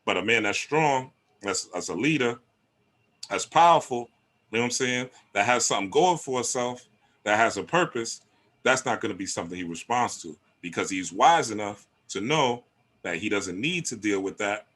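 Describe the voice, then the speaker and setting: A man giving a casual, animated monologue on relationships, checking in with "right?". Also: lowish voice, normal speed. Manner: animated, streetwise, lots of rhetorical "right?". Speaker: relationship talk host.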